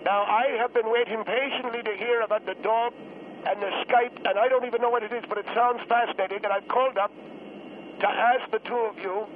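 An actor playing a fussy, indignant priest who calls in to a radio talk show, rambling and exasperated. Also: male voice, extremely high pitch, steady tone, a little fast, a little hiss or hum. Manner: exasperated, rambling, repeats himself. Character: fussy old male priest caller, indignant. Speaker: priest calling in. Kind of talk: comedic radio call-in sketch. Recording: tinny phone line.

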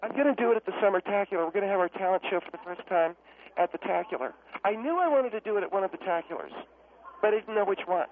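A man's voice: high voice, animated, fast, slight background noise. A man doing a pushy amateur entertainer on a phone line. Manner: insistent, chattering, defensive. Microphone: telephone.

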